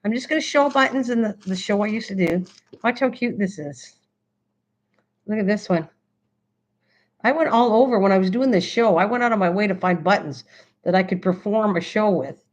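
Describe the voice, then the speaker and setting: A woman hosting a casual craft livestream, chatting excitedly and answering her chat as she goes. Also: medium pitch, normal speed, long pauses. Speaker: livestream host. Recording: slightly dull lo-fi stream audio.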